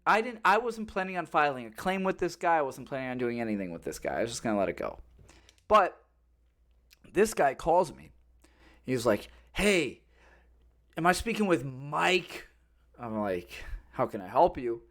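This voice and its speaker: A man's voice: medium pitch, normal speed. A man telling stories on a casual podcast, swearing freely and acting out the people he talks about. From Florida. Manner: animated storytelling, swears often, acts out callers. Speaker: podcast host. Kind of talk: casual chat.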